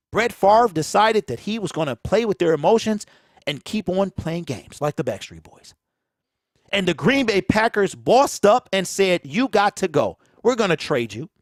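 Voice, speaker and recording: Speaking in a high voice over a dry recording, a Michigan-accented sports talk host delivers a casual, preachy rant. He hammers phrases through repetition, and the close mic pops on his plosives.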